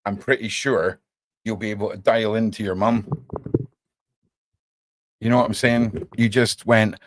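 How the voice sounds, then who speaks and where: A man on the low side talks a little slowly and pauses often, recorded dry. He's a livestream podcast host chatting casually with his viewers: animated, calling them "mate," and swearing casually every so often.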